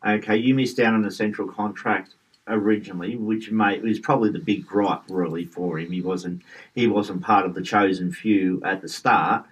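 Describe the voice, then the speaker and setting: A man's voice: on the low side, steady tone, normal speed, slightly rough, recorded from a distance, poor audio. A man co-hosting a casual sports podcast, chiming in with agreeable short replies and comments. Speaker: podcast co-host. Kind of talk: casual cricket podcast chat.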